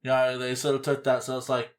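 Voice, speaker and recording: Casting: man, podcast co-host, loose and animated, swears freely, mid-pitched. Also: brisk. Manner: rambling, animated, swears casually. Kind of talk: casual chat reviewing an album.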